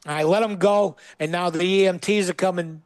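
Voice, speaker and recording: A man's voice: sits high, steady tone, normal speed, dry recording. Man telling a punchy comic story. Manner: punchy comic delivery with acted-out quotes. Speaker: guest comedian. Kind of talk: animated storytelling. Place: studio.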